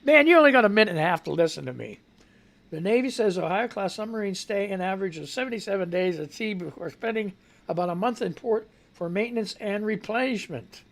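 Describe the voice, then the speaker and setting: Male radio host with a gravelly, slightly rough voice; reads news copy, then rants sarcastically with profanity. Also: high-pitched, lively intonation, quick pace, fairly bright tone. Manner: sarcastic, profane ranting while reading news. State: voice not quite right. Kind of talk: live radio news commentary.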